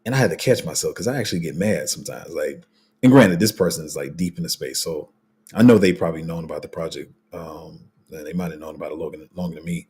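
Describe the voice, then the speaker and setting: A man's voice: extremely low pitch, quick pace, a little mellow, husky. A man hosting a casual crypto livestream, rambling through viewer comments with lots of fillers, restarts and slang.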